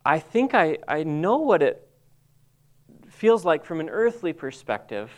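Man telling an emotional story, smooth voice. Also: a little high. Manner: halting, emotional storytelling with many restarts. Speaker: Bible college staff member. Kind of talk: personal testimony talk.

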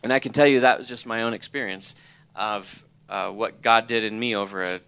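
A man's voice: lowish voice, fairly even intonation, fairly quick, gravelly, fairly bright tone, clear, resonant tone. A middle-aged man giving an earnest personal testimony, reading aloud from his own journal. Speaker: college president or ministry leader.

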